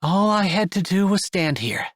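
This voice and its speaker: A man voicing a gentle young woman in a storybook. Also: sits high, expressive, moderate pace, dry recording, studio quality, voice pushed up. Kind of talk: audiobook character voice.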